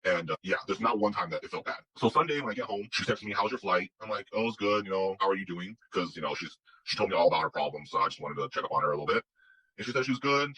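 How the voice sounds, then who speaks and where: Man, casual rambling storyteller, many restarts, fast, raspy. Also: low-pitched, bright, forceful tone, poor audio. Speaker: guest telling his story.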